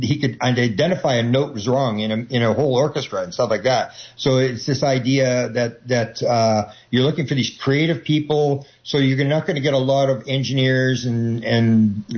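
Rambling man with many restarts, lo-fi audio. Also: mid-range voice. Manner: rambling, many restarts, acts out quoted voices. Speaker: interview guest. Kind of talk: casual rambling talk.

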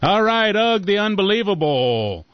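A man's voice: sits high, sing-song, a little slow, no echo. A man acting as host of a comedy sketch show, announcing acts in a wry emcee manner. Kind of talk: mock show-host banter. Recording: dull lo-fi recording.

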